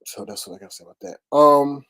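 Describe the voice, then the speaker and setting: A man hosting a casual livestream, telling stories and venting with big swings in pitch and sudden exclamations. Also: fairly even intonation, fast, gravelly, sharp tone, clean tone. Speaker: livestream host. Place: at home by a computer, streaming live.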